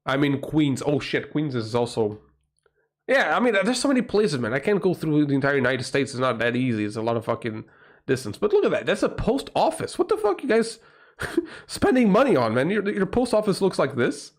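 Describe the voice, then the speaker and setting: A man's voice: medium pitch, sing-song, brisk. Swearing, rambling Portuguese-accented man. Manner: rambling, profane, exclamatory. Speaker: livestream host. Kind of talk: casual livestream chat.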